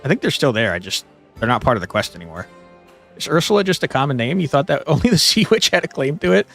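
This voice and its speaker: A man's voice: mid-range voice, sing-song, fast, gravelly, fairly bright tone. Laid-back young male gaming streamer. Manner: laid-back, jokey, swears casually. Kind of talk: casual live-stream chat. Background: game music.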